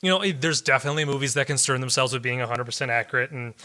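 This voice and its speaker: A man's voice: mid-range voice, racing, pushed and bright. A man co-hosting a podcast, chatting about a film in a loose, rambling, easygoing way. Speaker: podcast co-host. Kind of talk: casual film discussion.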